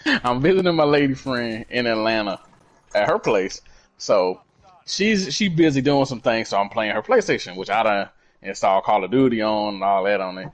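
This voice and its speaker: A man co-hosting a podcast, telling a story in a casual, swearing, animated way. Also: lowish voice, normal speed. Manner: animated, swears freely, acts out quoted dialogue. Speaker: podcast co-host.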